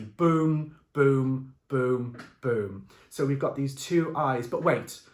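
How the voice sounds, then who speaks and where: Playful man describing art in an echoey room. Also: medium pitch. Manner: playful, lively, full of fillers and restarts. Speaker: presenter describing a painting. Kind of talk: improvised audio description.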